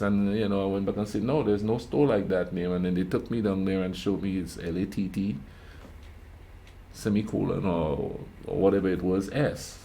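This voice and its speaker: A man's voice: fairly low pitch, warm tone, slight background noise. Grenadian man chatting to camera. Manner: chatty, storytelling, frequent "you know what I mean" asides. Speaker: reaction video host. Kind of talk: casual commentary to camera.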